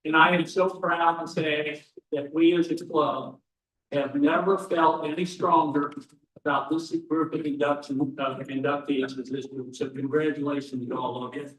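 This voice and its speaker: A man's voice: a little high, steady tone, moderate pace, fairly bright tone. Man, folksy storyteller, echoey hall, distant mic. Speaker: club member closing an event. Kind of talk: telling a joke at a banquet. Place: event hall.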